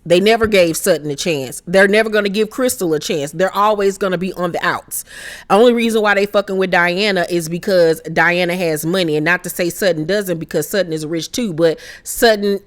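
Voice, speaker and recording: Woman doing a gossip recap of a reality show, fast and heated, cussing nonstop. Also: fairly low pitch. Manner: blunt and heavily profane.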